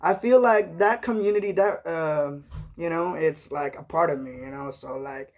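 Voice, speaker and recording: A man's voice: fairly high pitch, normal speed. A man talking casually on a live stream, rambling and earnest, sprinkling his talk with "man" and "you know". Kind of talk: casual live-chat monologue.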